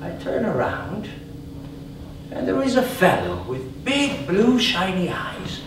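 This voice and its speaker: Expressive man telling a tale. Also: sits high, takes it slowly, background noise. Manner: expressive, emotional, first-person tale. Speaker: stage performer. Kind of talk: theatrical solo storytelling. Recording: echoey hall from far off.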